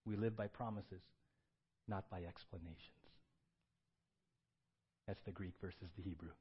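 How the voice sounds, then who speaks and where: A man preaching a sermon with animated swings between loud excited bursts and quiet earnest tones, reading scripture aloud. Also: sits low, measured pace, slightly rough, lo-fi sound. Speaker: pastor.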